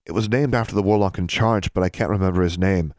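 Earnest thoughtful schoolgirl, low even voice, guy reading it. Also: fast, no room sound, clean studio sound, lightly acted. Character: thoughtful, earnest teenage girl friend.

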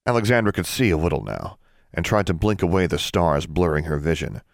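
A man narrating fantasy fiction aloud in an expressive storytelling manner, close to the mic. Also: low-pitched, brisk, vocal fry, dry recording. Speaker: audiobook narrator.

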